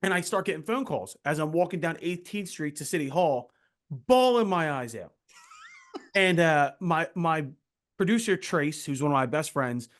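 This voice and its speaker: A young man hosting a casual interview, excitable, swearing freely and jumping in often. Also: fairly high pitch, moderate pace. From Philadelphia area. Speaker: podcast host.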